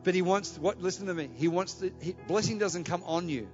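A man preaching a sermon, telling a story in an animated way before building to an exhortation. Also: high-pitched, fairly quick, faint music behind. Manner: animated, anecdotal, rising to exhortation. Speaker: pastor. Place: large church hall. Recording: dull, echoey hall recording.

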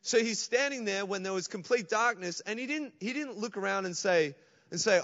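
High voiced guy preaching in church, muffled sound, long echo. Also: moderate pace, a bit bright. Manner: preaching with call-outs to the congregation. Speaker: pastor. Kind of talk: sermon.

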